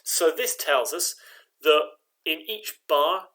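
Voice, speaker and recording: Slow, patient man teaching rhythm. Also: fairly high pitch, sharp tone. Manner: patient, clapping out rhythms with drawn-out syllables. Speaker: choir director.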